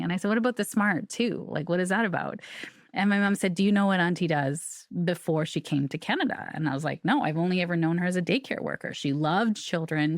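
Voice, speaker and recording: Middle-aged woman guest, low voice, dry close sound, chatty and animated storyteller. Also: no echo. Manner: chatty, animated, acts out quoted dialogue, laughs often. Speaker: guest, psychic medium. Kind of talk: personal storytelling in a podcast interview.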